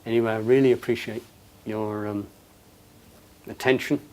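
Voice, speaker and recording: A man giving a passionate, emphatic talk to an audience, his voice rising loud on quoted lines. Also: fairly low pitch, fairly even intonation, normal speed. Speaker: speaker.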